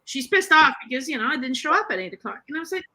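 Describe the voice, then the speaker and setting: High, bright-voiced storytelling woman. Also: very fast. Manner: animated, acts out quoted voices in her stories. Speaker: author and guest on a talk show. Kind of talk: casual conversational storytelling.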